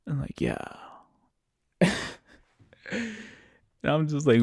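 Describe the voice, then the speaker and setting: A man's voice: a little high, extremely slow, pauses often, darkish tone, dry recording, clean studio sound. A man hosting a podcast, rambling through a rideshare story in casual, profanity-laden talk, often quoting himself. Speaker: podcast host and rideshare driver.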